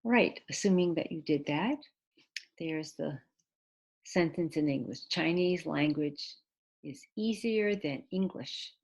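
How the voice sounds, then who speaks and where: A woman teaching English in a recorded video lesson, patiently explaining step by step, spelling out letters, with hesitant pauses and restarts. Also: low voice, animated, vocal fry, a little mellow. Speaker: ESL teacher.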